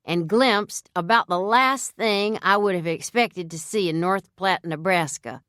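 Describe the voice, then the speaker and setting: A woman narrating a novel in the first person with a measured, even storytelling manner. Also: mid-range voice, no room sound, studio quality. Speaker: audiobook narrator.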